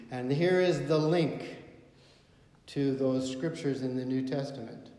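A man's voice: fairly high pitch, unhurried, dark tone. A man preaching a sermon, quoting scripture with emphasis and asking rhetorical questions. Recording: echoey hall with long reverb.

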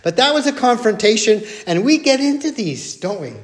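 A man's voice: very high-pitched, lively intonation, brisk. Older male preacher, earnest and repetitive. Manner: earnest, repetitive, with storytelling asides. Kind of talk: sermon.

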